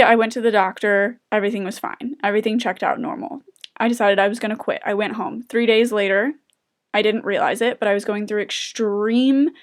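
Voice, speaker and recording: Young woman, confessional vlog monologue, emotional, halting, hesitant pauses. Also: medium pitch. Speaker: vlogger sharing recovery story.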